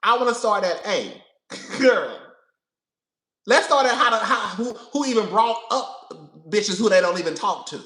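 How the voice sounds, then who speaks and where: Sassy male vlogger, bright tone, laughs a lot, roomy echo. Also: high voice, measured pace. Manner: sassy, profane, laughs often, animated. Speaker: pop culture commentator. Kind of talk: casual reality-TV commentary.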